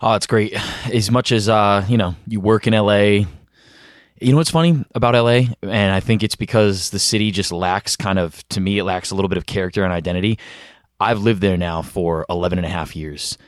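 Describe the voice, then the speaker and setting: Deep-voiced reflective male guest. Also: no room sound, studio quality. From East Coast United States. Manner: reflective, thoughtful, measured. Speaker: podcast guest. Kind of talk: casual podcast chat.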